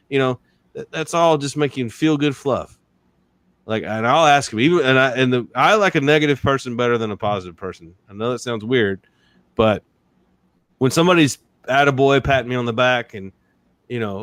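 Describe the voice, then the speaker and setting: Guy on a podcast, super animated, does little voices for people he quotes, dry sound. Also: mid-range voice, brisk, no echo. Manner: energetic storyteller, acts out quoted voices, laughs often. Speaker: guest, sales and negotiation expert.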